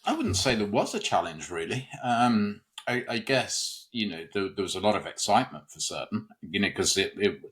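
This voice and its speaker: A man from Birmingham with a Birmingham English accent, a podcast guest who answers in a relaxed, measured way. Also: fairly low pitch, husky. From England. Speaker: fitness and nutrition coach, guest. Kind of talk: casual interview.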